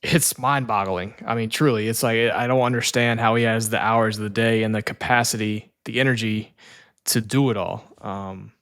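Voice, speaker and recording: A man's voice: lowish voice, fairly even intonation, moderate pace, a bit bright. A man co-hosting a casual sports podcast, rambling and restarting his sentences as he talks. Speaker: podcast co-host.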